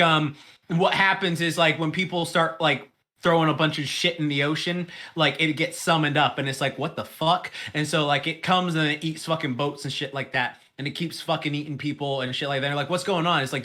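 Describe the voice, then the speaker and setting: Bright, rambling young podcast co-host. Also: male voice, a little high, fairly quick. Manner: rambling, profane, animated storytelling with put-on quotes. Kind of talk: casual chat.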